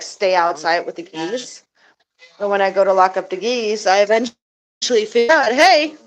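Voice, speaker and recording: A woman's voice: medium pitch, poor audio. Chatty woman with a lilt. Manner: sweet baby talk to her birds; informal, many "like" fillers. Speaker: backyard poultry keeper. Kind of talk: casual vlog narration.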